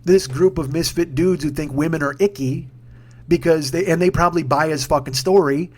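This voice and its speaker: A man's voice: fairly high pitch, fairly quick, a little hiss or hum. A man delivering a casual, profane, ranting monologue full of restarts, recorded at home. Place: home room with armchair.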